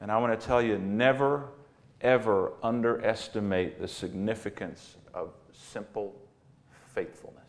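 A man's voice: on the low side, a little slow. A male pastor preaching a sermon, telling a personal story earnestly and repeating words for emphasis.

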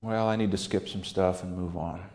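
A man preaching a sermon in a folksy, animated storytelling manner, acting out quotes from scripture stories. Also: deep voice, moderate pace.

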